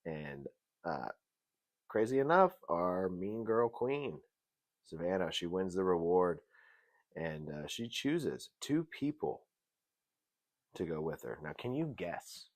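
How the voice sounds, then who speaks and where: A man hosting a casual TV review show, animated and jokey, swinging between loud bursts and mutters. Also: sits low, slow, pauses often. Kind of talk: casual commentary.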